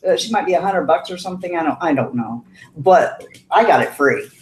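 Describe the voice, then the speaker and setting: A woman's voice: lowish voice, brisk, roomy sound. A middle-aged woman telling a story in a casual livestream chat, laughing often and acting out what others said. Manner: chatty, laughs often, animated quoting. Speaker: guest on a livestream.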